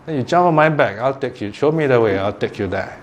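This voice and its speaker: A man's voice: medium pitch, animated, quick pace, slight background noise, natural voice. A man voicing a wise, proud young male lion in a spoken parable, asking commanding questions. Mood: calm, commanding.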